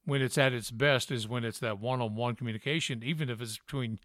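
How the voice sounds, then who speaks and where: A man from Tennessee with a trace of a Southern accent chats with a guest in a folksy, animated way. His voice is recorded close and dry, with almost no room sound. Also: medium pitch, fast, no room sound. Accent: trained-down Southern. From Memphis, Tennessee. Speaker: podcast host, former radio broadcaster. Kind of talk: casual interview chat.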